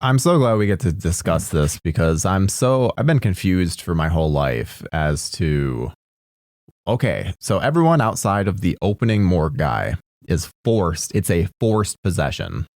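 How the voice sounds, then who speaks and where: A man's voice: sits low, sing-song, measured pace, darkish tone, no echo, clean studio sound. A man co-hosting a podcast in casual chat, asking exasperated, incredulous questions. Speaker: podcast co-host.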